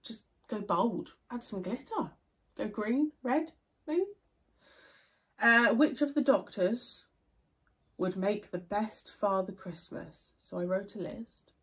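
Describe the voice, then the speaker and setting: A congested young woman, her mid-range voice expressive yet slow, chats casually while answering viewer questions. She sounds nasal and stuffy, rambling along with many fillers and restarts.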